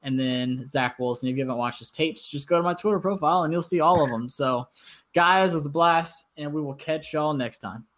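A man's voice: a little high, brisk, a bit bright. Upbeat man hosting a podcast. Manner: enthusiastic, laughs often. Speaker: podcast host. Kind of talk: casual sports chat.

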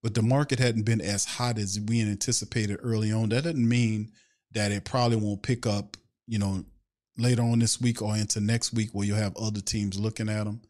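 With a lowish voice and a slightly quick pace, a man hosts a laid-back sports fan podcast and rants with energy. He fires rhetorical question after rhetorical question, then stops to handle viewers' chat questions.

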